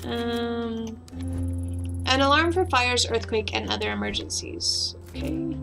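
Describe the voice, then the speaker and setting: Lady gamer with dry throat, offhand chat, gravelly, music playing. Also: a little high, takes it slowly. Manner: offhand, with coughs. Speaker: gaming video host. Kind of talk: casual let's play commentary. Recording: background music.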